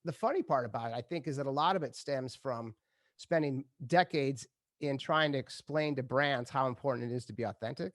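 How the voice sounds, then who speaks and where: In a clean, echo-free studio recording, a middle-aged man speaks at medium pitch and a slightly fast pace. He's a retired ad exec guesting on an interview, an animated storyteller who acts out what people said and laughs a lot.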